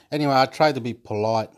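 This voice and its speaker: Man, casual home vlogger on a phone mic; meandering, repetitive delivery, salty language, nervous laughs. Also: mid-range voice. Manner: meandering, repeats himself, frequent restarts; swears freely, laughs between phrases. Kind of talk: rambling casual monologue.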